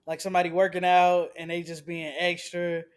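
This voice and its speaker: A man's voice: high-pitched, completely flat delivery, fairly quick, clean tone. A man in a casual chat, playful and tossing out questions to the group.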